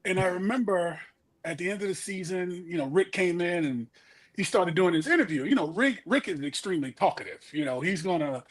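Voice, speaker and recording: A man's voice: high-pitched, animated, a little fast. A man, a former college football player, telling team stories in a rambling, casual podcast chat. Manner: rambling, lots of fillers and restarts.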